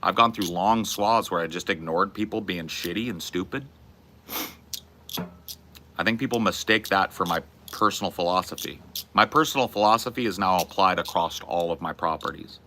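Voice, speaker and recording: A man's voice: sits low, moderate pace, bright, forceful tone, a little hiss or hum. A man hosting a casual chat with viewers, talking in a blunt, profane and emphatic way. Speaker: streamer host.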